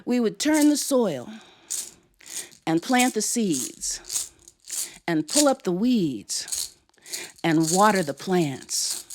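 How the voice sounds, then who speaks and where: An older woman telling a personal story to a live audience on stage, expressive and playful. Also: mid-range voice, drawn-out words, long pauses, slight background noise.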